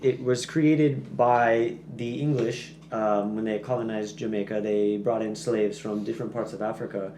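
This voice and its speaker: A man's voice: on the low side, fairly even intonation, normal speed, few pauses, darkish tone. A man on a podcast, a guest back from Peace Corps service, explaining at length in casual chat with many fillers and restarts. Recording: echoey room with faint noise.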